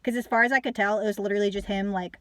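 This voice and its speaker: A woman's voice: medium pitch, steady tone, very fast, fairly bright tone, no echo. A young woman casually reviewing a book, ranting with lots of fillers and some swearing.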